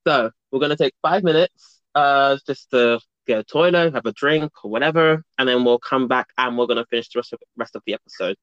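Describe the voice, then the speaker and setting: A man hosts a casual chat as a podcast host, playful and giggly and bursting into bits of song. His medium-pitched voice is fairly quick and bright, with no room sound, though the recording is dull, dry, and lo-fi.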